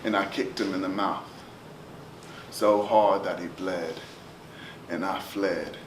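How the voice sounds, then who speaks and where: A man's voice: sits low, fairly even intonation, slow. Guy doing spoken word poetry, chanty rhythmic delivery, far from the mic in a roomy space. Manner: rhythmic, chanting, swings from loud to hushed. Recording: roomy, distant live recording with noise.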